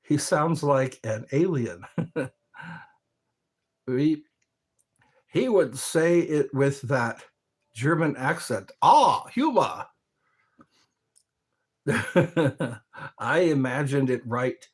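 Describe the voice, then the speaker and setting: A man's voice: medium pitch, slow pace, pauses often. A man hosting a livestream, chatting casually with viewers in a rambling way and chuckling often. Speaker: livestream host. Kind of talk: casual chat answering viewer comments.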